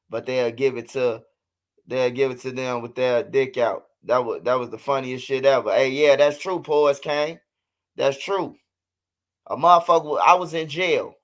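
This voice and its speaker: A man's voice: mid-range voice, fairly bright tone. A man in his thirties hosting a livestream, talking loosely and profanely in casual chat. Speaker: livestream host.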